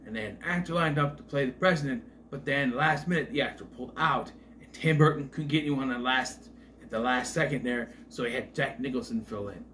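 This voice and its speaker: A man's voice: medium pitch, brisk, a bit bright, a little hiss or hum. A man casually rambling through a movie rundown, hesitant and wry with frequent asides. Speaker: movie reviewer.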